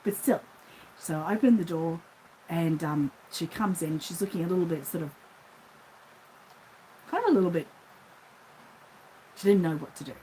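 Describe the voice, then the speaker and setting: A woman's voice: on the low side, animated, moderate pace, long pauses, dark tone, slight background noise, low-quality recording. A middle-aged Australian woman who runs a doll shop, telling a rambling everyday story in a casual vlog and acting out the voices in it. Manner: chatty, rambling, acts out the voices in her anecdotes. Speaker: reborn doll shop owner.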